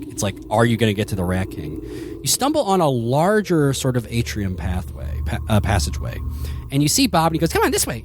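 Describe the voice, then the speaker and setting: A man's voice: mid-range voice, a little hiss or hum. A man narrating as game master of a tabletop game, rambling with lots of fillers. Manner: rambling, full of fillers and restarts.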